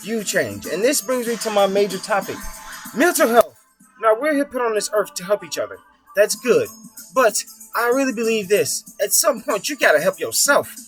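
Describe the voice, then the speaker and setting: Young guy ranting fast about life, high voice, swears a lot, quiet music in back. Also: sing-song. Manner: blunt and profane, fast and rambling. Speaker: video host. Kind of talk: casual motivational monologue. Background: soft music playing.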